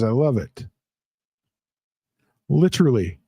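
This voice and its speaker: A man's voice: mid-range voice, lively intonation, a little slow, long pauses, dark tone, husky, no room sound. A man hosting a casual livestream, reading out chat comments in a rambling, playful way with lots of fillers. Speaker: livestream host.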